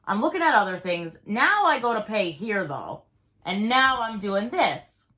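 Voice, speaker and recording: A woman telling a story in a casual chat, rambling and animated, with lots of filler words. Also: mid-range voice, unhurried.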